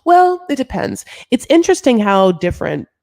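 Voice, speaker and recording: Gossipy woman with heavy vocal fry. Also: a little high, very animated, moderate pace, dark tone, dry recording. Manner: gossipy, heavy filler words, calls viewers honey. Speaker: TV show recap host. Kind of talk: casual chatty recap.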